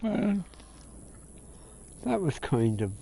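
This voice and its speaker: A man's voice: high-pitched, sing-song, extremely slow, gravelly, warm tone, soft background music. A man giving casual let's-play commentary, grumbling and swearing under his breath as he plays. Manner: grumbling, swearing, muttered asides. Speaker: gamer.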